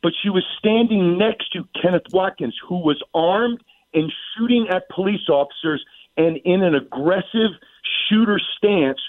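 A man's voice: high-pitched, unhurried, dry recording. A man calling in as a guest commentator on a radio talk show, laying out his points in an assertive, methodical way. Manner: assertive, methodical, addresses host by name. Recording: tinny phone-line sound.

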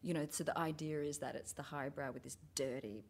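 Woman, very low voice, frank and thoughtful, casual chat about writing. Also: fairly even intonation, a little fast, gravelly, darkish tone. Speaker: theatre writer.

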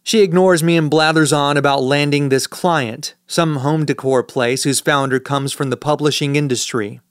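Smooth dry-voiced male audiobook narrator. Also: fairly high pitch, steady tone, moderate pace, dry recording. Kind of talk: first-person audiobook narration.

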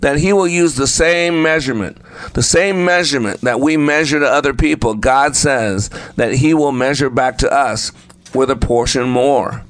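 A man's voice: medium pitch, moderate pace, fairly bright tone, dry recording. Man, preacher, sermon, emphatic, repetitive phrasing, dry recording. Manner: emphatic, repeats phrases for effect; acts out the story voices while telling it.

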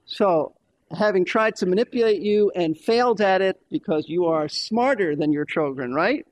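A man's voice: high voice, animated, moderate pace. A man preaching a sermon in an emphatic way, repeating key phrases for stress.

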